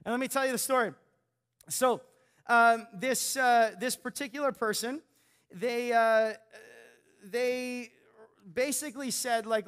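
A male pastor preaching a sermon, telling a story and swinging from hushed, slow lines to excited shouting. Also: extremely high pitch, clear, resonant tone. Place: church.

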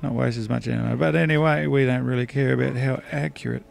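A man's voice: mid-range voice, fairly even intonation, quick pace, gravelly, soft background music. A man with an Australian accent, mumbling and rambling through casual gameplay commentary. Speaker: let's play gamer.

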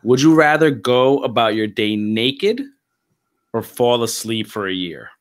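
Man, podcast host, casual chat, lively pitch, upbeat and playful. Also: measured pace.

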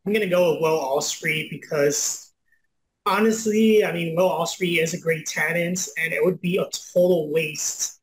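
A man's voice: fairly high pitch, fairly even intonation, moderate pace. A man states his pick confidently and matter-of-factly in podcast chat. His voice sits mid-range. The recording sounds echoey, with a faint hiss underneath. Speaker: podcast co-host. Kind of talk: casual chat. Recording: echoey room with faint noise.

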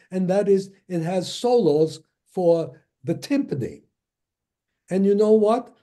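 A man in his nineties from Germany, giving a lecture as a string of anecdotes, halting with many fillers and restarts and chuckling as he tells them. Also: high-pitched, mellow. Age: 90s. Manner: chuckles while recounting stories.

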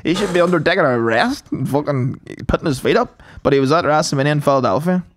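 Man, quick casual replies. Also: on the high side, lively intonation. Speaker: podcast co-host. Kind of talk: casual podcast chat.

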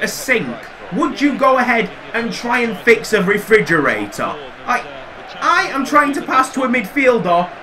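A young man commentating his football video game, excitable and quick to swear and shout at near misses. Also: high-pitched. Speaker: gaming commentator. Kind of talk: casual gameplay commentary. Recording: crowd noise from game audio.

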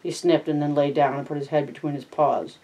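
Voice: medium pitch, steady tone, a little fast, dark tone, far from the mic, lo-fi sound. A reader narrating a novel aloud for a study guide, adding brief remarks of their own. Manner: plain reading with brief remarks. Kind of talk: reading aloud with personal asides.

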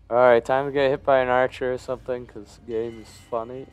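A man's voice: mid-range voice, flat delivery, quick pace, few pauses, clear, resonant tone. A man giving gameplay commentary, muttering in frustration and mocking himself, sleepy. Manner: self-deprecating, frustrated muttering. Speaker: gamer.

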